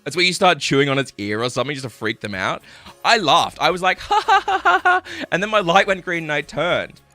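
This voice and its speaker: Young male streamer, lively, bright voice, casual storyteller who swears. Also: a little high, fast talker, dry recording, faint music behind. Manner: animated, swearing, laughing while telling stories. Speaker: livestreamer.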